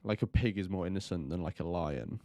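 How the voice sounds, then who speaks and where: Deep-voiced man rambling on a stream. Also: fairly quick, a little mellow, dry recording, clean studio sound. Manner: rambling, lots of fillers and "like". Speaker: streamer reacting to a film. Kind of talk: casual live-stream commentary.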